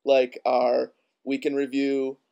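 A man with an Upper Midwest accent co-hosting a casual podcast, relaxed and quick to chuckle. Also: medium pitch, gravelly, lo-fi sound. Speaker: podcast co-host.

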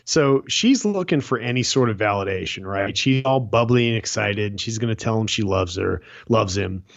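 A man's voice: fairly low pitch, normal speed, gravelly, muffled recording. A man co-hosting a casual chat podcast, telling stories and acting out quoted lines. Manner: animated storyteller, acts out quotes. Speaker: podcast co-host. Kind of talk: casual chat recapping a TV show.

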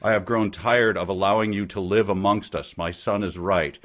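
A man voicing a stern, weary old king in a comic reading, declaiming pompously in a low voice. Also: fairly even intonation, normal speed, fairly bright tone.

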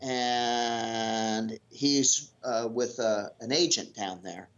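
Speaking extremely slowly in a mid-range voice, a male guest tells a casual sailing anecdote as an animated storyteller, rambling with fillers and restarts. The recording is lo-fi and dull.

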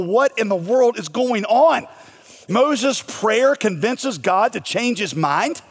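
A man preaching a sermon, animated, firing rhetorical questions and acting out the voices in the scripture story. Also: high-pitched, slow, breathy edge. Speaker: pastor.

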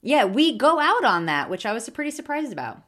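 A woman co-hosting a podcast in casual chat, wry and self-mocking with deadpan asides. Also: on the high side, brisk. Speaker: podcast co-host.

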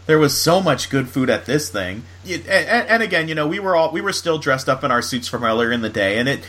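A man from Florida hosts a casual podcast chat. He rambles easily, with plenty of "you know" and "like." His voice sits at an ordinary pitch for a man. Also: sing-song, fast talker, fairly bright tone. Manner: chatty, full of fillers and laughs. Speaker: podcast host.

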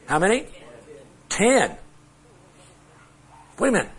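A middle-aged man teaches a Bible class using charts, speaking conversationally, asking the class questions and making jokes at his own expense. His fairly high voice is sing-song and slightly rough, with a measured pace and long pauses.

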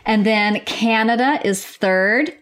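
A woman's voice: fairly high pitch, slow pace, a bit bright, clean tone. An American woman nurse hosting her own podcast from a home office, chatting in an upbeat, gushing way. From United States. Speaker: podcast host. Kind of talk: casual podcast chat.

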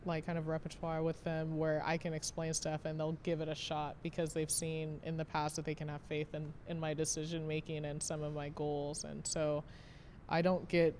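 A woman's voice: sits low, a little mellow, slight background noise. A woman in her late twenties, a vineyard manager, talking casually in an interview, chatty and self-deprecating, laughing often between many fillers. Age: 20s.

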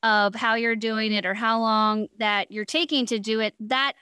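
A woman's voice: fairly high pitch, moderate pace, clean tone, no room sound, clean studio sound. A woman giving blunt, candid advice in a podcast conversation, acting out other people's voices as she talks. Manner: animated, acts out voices of others.

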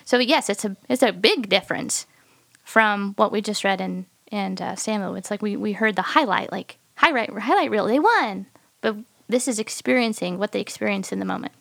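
A woman, a pastor, talking in a halting way on a podcast bible discussion, searching for words. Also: medium pitch, animated, gravelly, a bit bright, dry recording.

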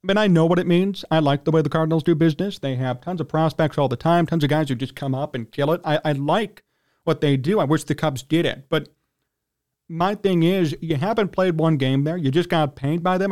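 A male sports radio host with a notably high voice launches into a heated, indignant rant. He talks like a man worked up about his team and keeps clearing his throat. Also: brisk, a little mellow.

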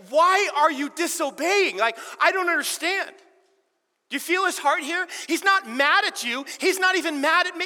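A fired-up middle-aged male pastor with a high, bright voice preaching on a stage microphone. His sermon rings through a large hall with a long reverb tail. He swings between emphatic loud lines and soft, confiding asides, and pokes fun at himself. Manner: animated, self-deprecating, shifts between loud emphasis and quiet intimacy. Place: church auditorium with live audience.

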